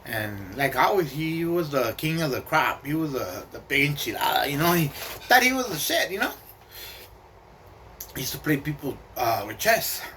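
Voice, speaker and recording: Man, casual streetwise storyteller, profane, sharp bright tone. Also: on the high side, big pitch swings, normal speed, slight background noise. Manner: streetwise, profane, slang-heavy, mixes in Spanish.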